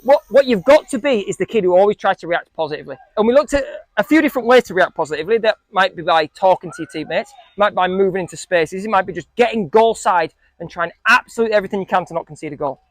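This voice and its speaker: A man's voice: high-pitched, lively intonation, quick pace, few pauses, no room sound. A man coaching a group of young football players, asking them questions and joking with them. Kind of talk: coaching talk to a group of kids.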